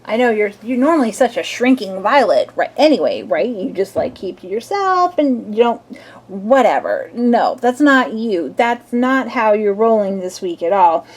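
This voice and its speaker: A woman's voice: medium pitch, sing-song, moderate pace. A young adult woman, a tarot reader, chatting casually and playfully through a weekend reading and acting out little scenes.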